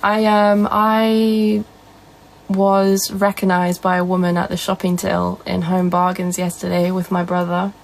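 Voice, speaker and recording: A woman's voice: lowish voice, level tone, measured pace, gravelly, poor audio. A young woman with a Northern English accent, casually chatting on a live stream and answering viewer comments. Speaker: livestreamer.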